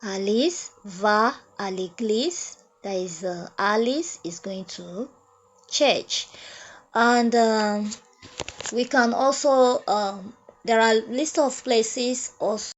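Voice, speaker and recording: A woman teaches French grammar at a classroom whiteboard, saying each example twice. She speaks very slowly and patiently. The recording sounds muffled and lo-fi. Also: fairly high pitch. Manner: repeats phrases slowly, explains step by step. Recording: dull lo-fi sound.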